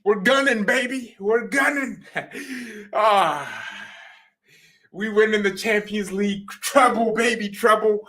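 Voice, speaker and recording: A man hosting a football fan channel, talking in an excited, joking way and sometimes shouting. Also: sits high, takes it slowly. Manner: hyped and joking, shouting at times. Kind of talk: excited casual commentary.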